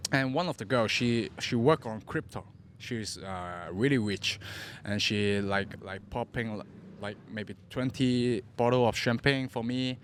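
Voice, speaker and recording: A man's voice: medium pitch, fairly bright tone, a little hiss or hum. A young man from Hong Kong with a Cantonese accent, a podcast guest telling his story in broken English, often repeating words as he goes. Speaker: interview guest. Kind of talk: casual storytelling.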